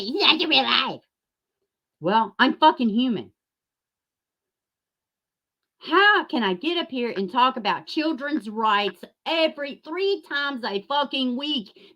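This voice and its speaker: A woman rants on her livestream in a high voice. She swears often and turns sarcastic and furious, then talks straight to people in her chat. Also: fairly bright tone. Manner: angry, profane, sarcastic; addresses chat viewers by name. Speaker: YouTube channel host. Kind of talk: livestream rant.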